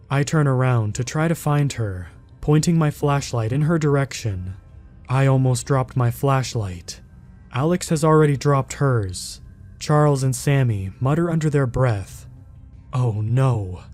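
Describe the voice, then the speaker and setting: A man giving a scripted first-person horror narration in a measured, plain storytelling manner. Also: medium pitch, a little mellow. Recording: narration over faint background music.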